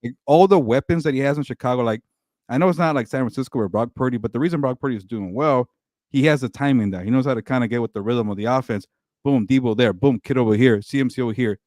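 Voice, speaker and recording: A man co-hosting a sports podcast in casual chat, excitable, repeating words and laughing often. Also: mid-range voice, fast talker, no echo, studio quality.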